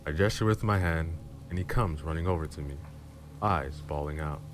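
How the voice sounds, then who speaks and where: A man reading a dramatic story aloud in a low, slow, intimate manner. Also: slight background noise. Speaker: storyteller streamer. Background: background music and rain.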